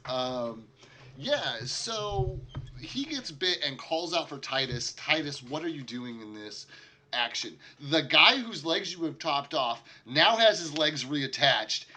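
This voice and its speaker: Bright-voiced man running a tabletop game. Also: fairly high pitch. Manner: laughs often, quick asides. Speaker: game master.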